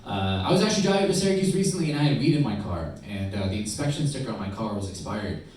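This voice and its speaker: A young man from upstate New York doing a stand-up set with crowd work, trading quick asides and acting out other voices, on a comedy club stage. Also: lowish voice, expressive, a little mellow, far from the mic. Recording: echoey club heard from afar, noisy.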